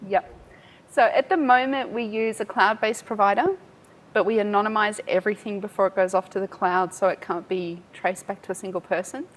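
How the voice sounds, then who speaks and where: A woman giving a live software demo at a tech talk, chatty and self-mocking, laughing often. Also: mid-range voice, fairly even intonation, a little fast. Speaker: tech speaker.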